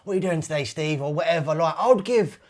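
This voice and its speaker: A man's voice: on the high side, fast. A man in his thirties with an East London accent, talking at length as an interview guest in a casual, heartfelt, rambling way and filling his speech with "like", "man" and "mate". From East London, England.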